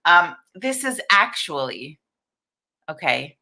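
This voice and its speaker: A woman's voice: fairly low pitch, very animated, takes it slowly, bright, forceful tone. A middle-aged woman hosting a casual live-stream chat, talking candidly, swearing freely and greeting viewers by name. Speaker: livestream host.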